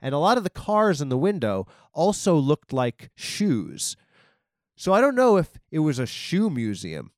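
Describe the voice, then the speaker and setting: A man's voice: fairly high pitch, huge pitch swings, a little slow, no echo, clean studio sound. A man from Long Island hosting a podcast, telling a meandering comic story full of asides. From Long Island, New York. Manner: meandering, many ums and likes, self-interrupting. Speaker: podcast host. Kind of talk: rambling comic storytelling monologue.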